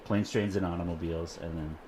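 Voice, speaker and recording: A man's voice: fast, a little hiss or hum. A man co-hosting a podcast at home, talking casually and laughing often. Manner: animated, laughs often, quotes lines in a higher voice. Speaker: podcast co-host. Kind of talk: casual chat.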